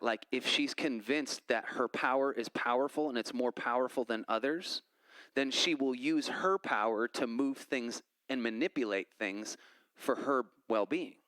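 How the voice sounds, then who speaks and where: A male pastor with a mid-range voice delivers a conversational sermon in church, animatedly telling stories and acting out quoted conversations. The audio is poor, though there's no echo.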